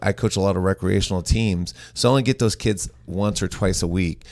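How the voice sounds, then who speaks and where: A man's voice: low voice, gravelly, a little mellow, no room sound, clean studio sound. A man hosting a podcast in casual, playful banter. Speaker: podcast host. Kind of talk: casual chat.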